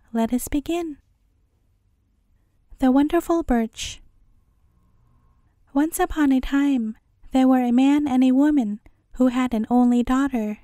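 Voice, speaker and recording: Female storyteller, bedtime read-aloud; high voice, dry close sound, calm and measured. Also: dry recording. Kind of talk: bedtime fairy tale reading.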